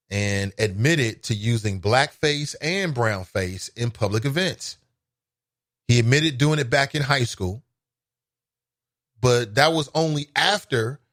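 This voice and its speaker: A man's voice: mid-range voice, a bit bright, no room sound, studio quality. A man from Cincinnati hosting a call-in talk show, chatting casually and reacting to listener comments with exclamations. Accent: Cincinnati, Ohio. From United States. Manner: conversational, reacts with laughs and exclamations.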